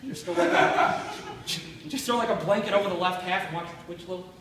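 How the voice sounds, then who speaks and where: A man's voice: sits high, quick pace. Echoey stand-up man from Buffalo. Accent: Western New York. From Buffalo, New York. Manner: self-deprecating, blunt, crude punchlines. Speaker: stand-up comedian. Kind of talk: stand-up set. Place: comedy club stage. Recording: very echoey room from far off, faint noise.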